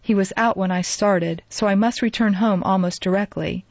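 Woman reading a shy sorry young woman, soft and kind, dull dry lo-fi audiobook sound. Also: mid-range voice, fairly even intonation, moderate pace, no room sound, close to an everyday voice. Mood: anxious. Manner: soft, kindly, hasty when pressed. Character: young woman, timid and remorseful.

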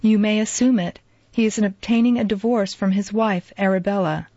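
A woman voicing a timid, remorseful young woman who speaks softly and kindly, in a storybook reading. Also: medium pitch, steady tone, moderate pace, no room sound, lightly acted. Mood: anxious. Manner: soft, kindly, hasty when pressed. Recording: dull lo-fi dry recording.

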